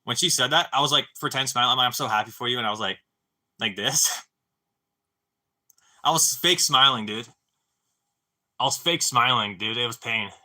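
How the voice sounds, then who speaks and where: Bright-voiced young man rambling on stream. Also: medium pitch, unhurried, pauses often. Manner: rambling, profane, full of dude and bro; stammering restarts. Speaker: live streamer. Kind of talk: casual live-stream storytelling.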